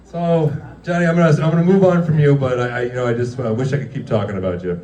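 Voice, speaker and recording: A man's voice: medium pitch, steady tone, brisk, mellow, dull audio. Man doing a loose, foul-mouthed roast in a restaurant room with a roomy echo. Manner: rambling, crude, laughs at his own jokes. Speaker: comedian roasting former coworkers. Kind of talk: stand-up roast.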